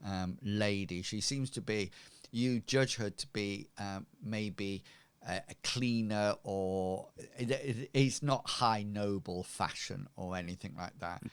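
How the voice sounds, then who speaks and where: Slow, hesitant game master man. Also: on the low side, smooth, no room sound. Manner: hesitant, many ums, slow. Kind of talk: narrating a tabletop game.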